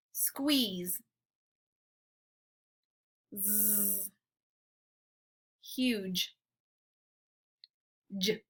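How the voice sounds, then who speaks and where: A woman teacher leading a phonics drill, saying words slowly and clearly with encouragement. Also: mid-range voice, bright, forceful tone, rough recording. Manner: slow, clearly enunciated, encouraging. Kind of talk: phonemic awareness drill.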